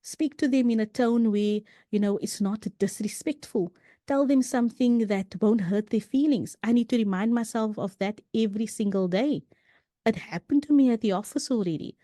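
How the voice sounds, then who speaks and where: A woman's voice: fairly high pitch, moderate pace, mellow, no echo, studio quality. A woman guest on a podcast, telling stories earnestly in a casual conversation, often adding "you know" and restarting her sentences.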